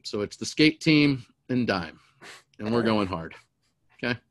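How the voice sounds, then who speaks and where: Animated man telling a rambling story. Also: lowish voice, measured pace, no room sound. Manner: animated, rambling, repeats words. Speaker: storyteller guest. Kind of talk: casual storytelling.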